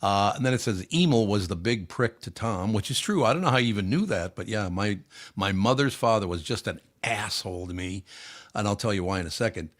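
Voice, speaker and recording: A man's voice: on the low side, lively intonation, fairly quick. An older man hosting a podcast, telling blunt, profane anecdotes in casual chat. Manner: blunt, swears freely, tells anecdotes. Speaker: podcast host.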